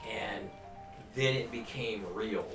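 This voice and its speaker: Speaking slowly over music, the recovery counselor has a low, steady voice with vocal fry. He addresses a family group in a meeting room, informal and earnest, with restarts and frequent "you know"s, captured by a distant mic in an echoey room with a faint hum.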